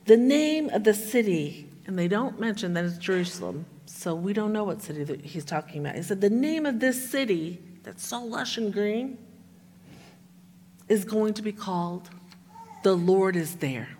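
A woman's voice: mid-range voice, expressive, moderate pace, darkish tone. A woman preacher delivering an earnest sermon, reading scripture with emphasis and dropping to near-whispers to stress points. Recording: echoey hall with long reverb.

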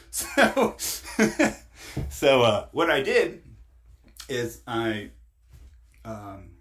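A man's voice: mid-range voice, very animated, slow, pauses often, a bit bright. A man as a podcast guest, telling a rambling story in casual chat, laughing often and full of fillers.

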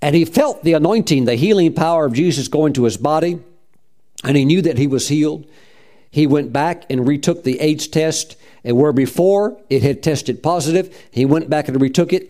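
A man's voice: on the high side, expressive, normal speed, warm tone. A middle-aged man preaching a sermon as pastor, fervent, punctuating his points with "praise God" and acting out quoted voices.

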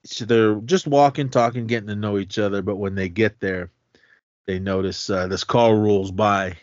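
A man co-hosting a podcast, casually retelling a film scene by scene in an animated way and slipping into the characters' lines. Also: fairly low pitch, normal speed, dry recording, dull audio. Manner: animated retelling, jumps into quoted voices. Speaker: podcast co-host. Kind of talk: casual movie recap.

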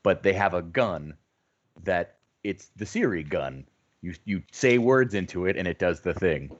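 A man co-hosting a casual movie podcast, playful and quick to laugh. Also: sits low, expressive, slightly rough, muffled recording. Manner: playful, laughs often, tries silly impressions. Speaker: podcast co-host.

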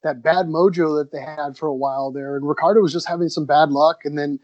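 A man's voice: on the high side, fairly even intonation, fairly quick, darkish tone, no echo. Enthusiastic laid-back man, muffled sound. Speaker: podcast co-host. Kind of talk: casual chat.

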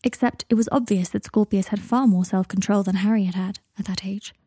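A woman narrating fan fiction as an audiobook, calm and even. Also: medium pitch, a little fast, breathy edge, no room sound, clean studio sound.

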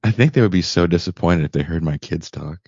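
A man hosting a podcast, chatting casually and telling animated, joking stories. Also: low voice, fast talker, husky, no room sound. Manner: animated, laughing, storytelling. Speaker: podcast host. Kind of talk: casual chat. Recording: dull lo-fi sound.

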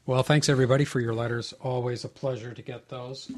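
Podcast co-host, man, husky edge, wisecracking and chatty. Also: mid-range voice, flat delivery, a little mellow. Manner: joking, quick interjections. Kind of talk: casual chat.

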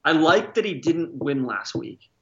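Gravelly-voiced man in casual chat. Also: fairly high pitch, sing-song, a little slow, fairly bright tone, dull audio. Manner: joking, opinionated. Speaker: podcast co-host.

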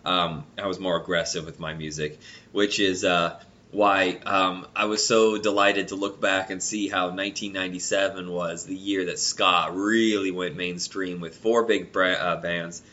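A man with a head cold chatting casually about nineties music, his nasal voice stuffed up and deeper than usual. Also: flat delivery, moderate pace, pushed and bright, muffled recording. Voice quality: normally nasal voice.

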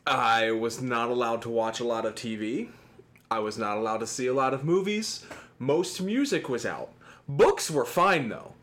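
A man's voice: medium pitch, moderate pace, a bit bright. A man co-hosting a podcast in casual chat, laid-back and teasing, swearing freely. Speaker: podcast co-host.

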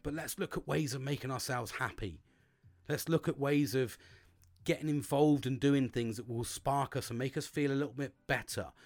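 A man hosting his own talk show, chatting casually and swearing a lot as he acts out his own thoughts. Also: mid-range voice. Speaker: podcast host. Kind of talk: casual monologue.

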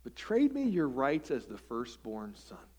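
A man preaching acts out a sly, calculating young man who bargains in a low, slow, quiet voice. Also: wildly swooping pitch. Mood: scheming.

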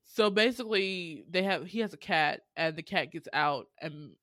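A woman chatting casually as a podcast co-host, recapping a TV drama in a lively way and acting out the characters' lines. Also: fairly low pitch, moderate pace, no room sound. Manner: animated, acts out character lines.

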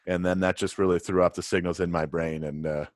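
A man co-hosting a podcast, chatting casually with dry, deadpan self-mocking humor. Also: deep voice, fairly quick, no room sound. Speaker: podcast co-host. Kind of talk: casual chat.

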